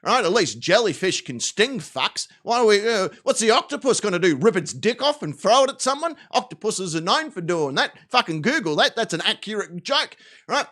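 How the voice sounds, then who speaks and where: An Australian man playing a fed-up Australian villain boss who rants at his crew in a shouty, sweary way. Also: high voice, sing-song, normal speed, exaggerated voice. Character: exasperated Australian male villain boss, ranting.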